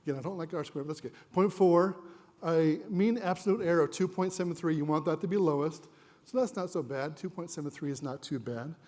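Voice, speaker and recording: High-voiced man giving a chatty conference talk. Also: fast talker, darkish tone. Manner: conversational, jokey, asks the audience questions. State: a little winded. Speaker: conference presenter. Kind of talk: live conference presentation. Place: conference room with audience.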